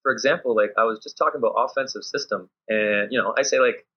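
A man, a volleyball coach, chatting casually in a podcast interview and acting out lively classroom scenes. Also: mid-range voice, fast, husky. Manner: animated storyteller acting out his players and himself. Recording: dull lo-fi audio.

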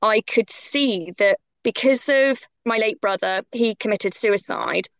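A woman's voice: mid-range voice, a little slow, gravelly, a bit bright, dry recording. A woman guest on a podcast, talking in an impassioned, emphatic way. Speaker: guest coach. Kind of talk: podcast conversation.

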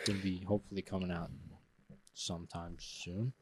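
A man's voice: deep voice, flat delivery, normal speed, husky. A man co-hosting a podcast in casual chat, rambling and often stopping mid-thought. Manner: loose, rambling and self-interrupting. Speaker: podcast co-host.

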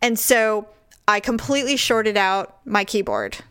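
A middle-aged woman co-hosting a podcast, telling a story in a casual, animated way, laughing often and acting out the voices of the people in it. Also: mid-range voice, unhurried, smooth, dry recording, studio quality. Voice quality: lively, laughs often, acts out quoted voices. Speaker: podcast co-host.

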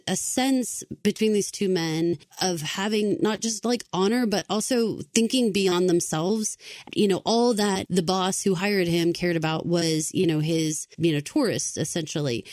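A woman's voice: lowish voice, a little mellow, no echo. A woman co-hosting a podcast about a TV series, reflective and chatty with frequent fillers. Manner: reflective, chatty, many "like" and "you know". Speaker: podcast co-host. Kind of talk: casual podcast discussion.

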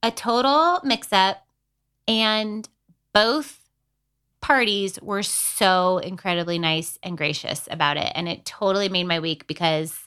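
Brief: woman co-host, smooth clear tone, playful and encouraging. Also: mid-range voice, measured pace, sharp tone. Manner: upbeat, teasing, encouraging. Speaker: podcast co-host. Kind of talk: casual chat.

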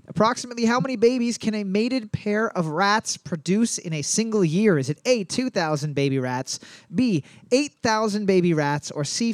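High-voiced man reading quiz questions. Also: no echo. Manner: joking, reads questions twice, slows down to read. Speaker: quiz host. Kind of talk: casual comedic trivia chat.

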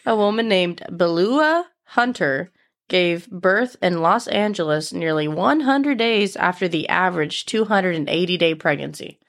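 A woman's voice: fairly low pitch, lively intonation, a little slow. Giggly pregnant woman reading stories aloud. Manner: giggly, apologetic while reading. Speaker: podcast host. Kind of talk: casual chat and reading aloud.

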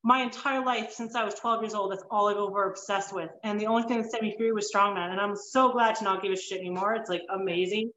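A woman hosting a podcast interview over an online call, animated and blunt, swearing freely and going off on rambling asides. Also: mid-range voice, quick pace, few pauses, reverberant, lo-fi sound, slight background noise. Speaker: podcast host. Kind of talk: casual interview chat.

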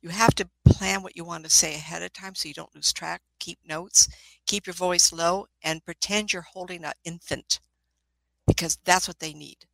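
Older woman, bright and lowish. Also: fairly even intonation, moderate pace, gravelly, no echo, rough recording. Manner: rambling and anecdotal, with frequent laughs and restarts. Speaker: guest, spiritualist minister and ghost investigator. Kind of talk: casual storytelling chat.

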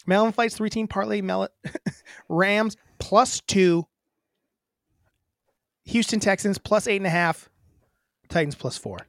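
A woman's voice: medium pitch, takes it slowly, long pauses, no room sound, clean studio sound. A woman co-hosting a podcast, chatting casually and joking brashly. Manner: brash, joking, gives betting picks. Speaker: podcast co-host. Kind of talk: casual chat.

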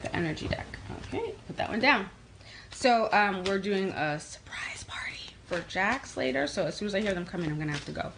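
A woman from New York with a New York accent, hosting a casual tarot livestream and answering comments in a quick, energetic way. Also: medium pitch, noisy background. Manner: fast-talking, energetic, reads comments aloud. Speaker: livestream host doing tarot readings.

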